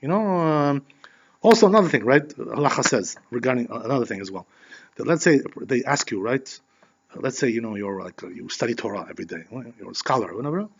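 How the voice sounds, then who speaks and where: A man giving a conversational Torah class as a rabbi, animated and filling his talk with "you know". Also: medium pitch, fast, gravelly. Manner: peppers speech with "you know". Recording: dull lo-fi recording.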